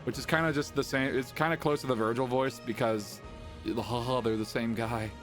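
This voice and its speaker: A man's voice: mid-range voice, steady tone, brisk. A man streaming a game, chatting casually and joking around with friends. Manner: joking, tries out silly character voices. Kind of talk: casual stream chat over gameplay. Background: game music.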